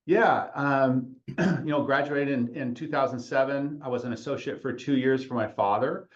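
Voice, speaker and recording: A man in his forties tells his career story on a podcast, rambling and correcting himself as he goes. His voice sits at an ordinary middle pitch. The recording sounds a little muffled and lo-fi. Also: moderate pace. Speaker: podcast host, chiropractor. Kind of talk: casual storytelling.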